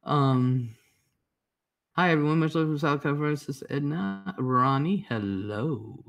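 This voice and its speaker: A man's voice: fairly high pitch, unhurried, vocal fry, fairly bright tone, faint music behind. A man hosting a casual livestream, greeting chatters by name and reading their comments out in a laid-back, rambling way. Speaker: livestream host. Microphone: headphones and computer mic.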